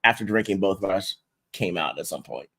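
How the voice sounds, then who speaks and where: A man from Texas co-hosting a casual livestream podcast, animated, laughing often and slipping into voices and snatches of song. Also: low voice, a little fast. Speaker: podcast co-host.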